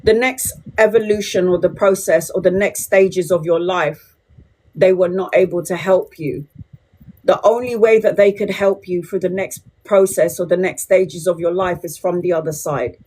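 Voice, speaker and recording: A woman's voice: lowish voice, steady tone, normal speed, darkish tone, breathy edge. Sweary chatty woman in her forties. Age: 40s. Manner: chatty, blunt and sweary, talking straight to viewers. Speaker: tarot reader on a livestream. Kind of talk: casual livestream chat to viewers.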